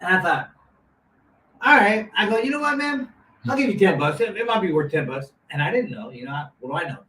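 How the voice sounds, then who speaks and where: In rapid-fire speech and a slightly high voice, a man in his fifties who used to box rambles through a casual, animated story, stopping and starting over with plenty of asides. The audio is roomy, captured from a distance, with faint background noise.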